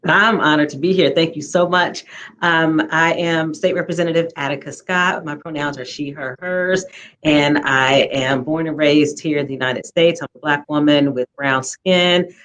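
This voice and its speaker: A woman's voice: low-pitched, fairly even intonation, moderate pace, a bit bright. Poised woman state representative. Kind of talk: formal self-introduction. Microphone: video call.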